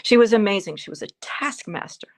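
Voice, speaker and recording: A woman in her seventies answering interview questions as a guest actress, telling fond stories with pauses and fillers. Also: medium pitch, animated. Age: 70s. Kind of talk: interview answers over a livestream.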